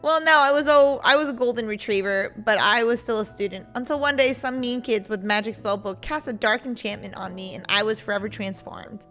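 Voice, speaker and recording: A woman voicing an apologetic male spork monster from a game, reading his lines loudly and eagerly in a raised voice. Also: fairly high pitch, brisk, hardly any pauses, soft background music. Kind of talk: reading game dialogue aloud.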